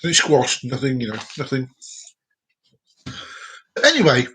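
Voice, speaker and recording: A man's voice: mid-range voice, big pitch swings, a little slow, sharp tone, slight background noise. Rambling man hosting a live comedy stream. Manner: rambling, self-mocking, repeats words. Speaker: comedy show host. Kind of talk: live-streamed joke telling.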